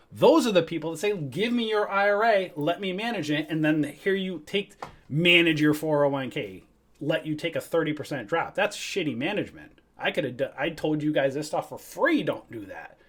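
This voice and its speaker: A middle-aged man with a slightly higher voice hosts a casual trading livestream. He rants with heat and swears freely, jumping into voiced quotes of his phone calls. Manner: animated, profane, ranting with voiced quotes. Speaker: trading show host.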